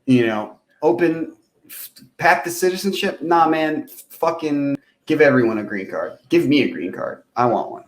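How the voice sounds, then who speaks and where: A man's voice: a little high, animated, moderate pace. A young man co-hosting a podcast, in laid-back, profane casual banter. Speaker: podcast co-host. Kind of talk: casual chat. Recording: echoey room.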